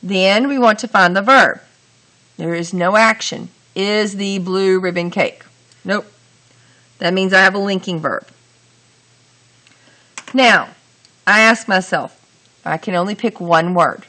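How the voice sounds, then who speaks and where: Woman teacher, unhurried and bright-toned, walks students through each sentence step by step. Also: medium pitch. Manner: slow, deliberate, talks through each step. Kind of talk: grammar lesson.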